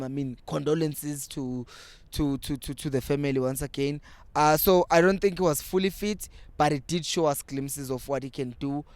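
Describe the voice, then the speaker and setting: Young South African man, fan-channel host; slightly high, animated, dry close recording. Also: smooth, dry recording. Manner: animated, switching between English and Zulu. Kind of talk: casual fan commentary.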